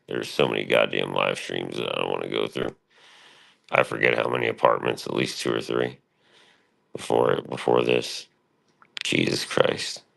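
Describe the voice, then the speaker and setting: Very deep, gravelly-voiced rambling man. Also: fairly bright tone. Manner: rambling, profane, quotes himself a lot. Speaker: live streamer. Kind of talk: casual rambling stream monologue.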